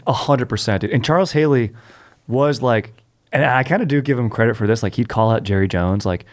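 A man's voice: mid-range voice, a little fast. A man hosting a podcast, retelling stories in a laid-back, slangy, agreeable way. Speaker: podcast host. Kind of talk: casual chat, retelling stories.

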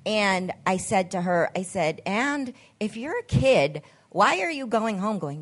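A woman's voice: medium pitch, very animated, normal speed, hardly any pauses. A woman hosting a podcast, telling a story in casual chat, acting out the quoted voices and swearing freely. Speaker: podcast host.

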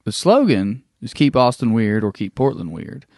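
A man's voice: medium pitch, big pitch swings, normal speed, darkish tone, dry recording, clean studio sound. A young man, co-hosting a podcast with wry, teasing banter in casual chat. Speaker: podcast co-host.

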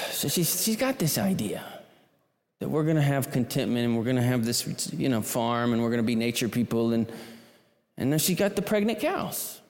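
A man's voice: mid-range voice, very animated, normal speed, darkish tone. Rambling storyteller man in a big echoing hall. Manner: rambling and self-deprecating, with many restarts. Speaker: speaker. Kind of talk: storytelling to a live audience. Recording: long hall reverb.

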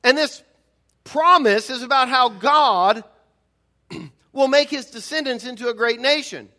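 A male pastor delivering a sermon, pressing his points with rhetorical questions and repeated words. His voice sits high, with a bright, forceful edge. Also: measured pace. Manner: emphatic preaching with frequent repetitions and rhetorical questions.

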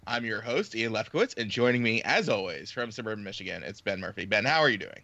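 Guy hosting a podcast, gravelly voice, all over the place pitch-wise, rambly and laughy, dry close sound. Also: animated, fast talker, sharp tone, no room sound, muffled recording. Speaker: podcast host. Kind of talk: casual chat.

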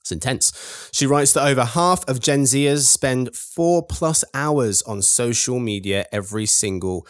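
A man's voice: mid-range voice, measured pace, hardly any pauses, no echo. Man hosting with a dry studio sound. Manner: playful, upbeat game-show announcing. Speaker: podcast host. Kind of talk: hosting a panel podcast.

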